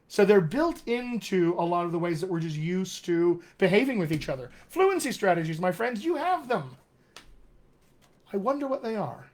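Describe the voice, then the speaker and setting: A man's voice: high-pitched, big pitch swings, normal speed, darkish tone. Enthusiastic male dialect coach. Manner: enthusiastic, demonstrates sounds, reads viewer comments aloud. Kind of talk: live-streamed accent Q&A.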